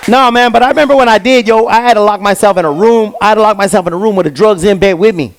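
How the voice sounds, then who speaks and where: A man's voice: high voice, fast. A young man doing a stand-up comedy set on stage, telling stories in street slang with lots of repeated fillers. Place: comedy stage before a live audience.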